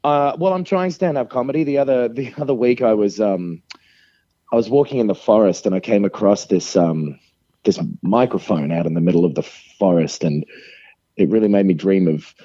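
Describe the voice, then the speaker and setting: A man doing a deadpan hoax caller. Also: lowish voice, no room sound, muffled recording, lightly acted. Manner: deadpan, hesitant, halting delivery. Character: deadpan male prank caller posing as a famous game creator.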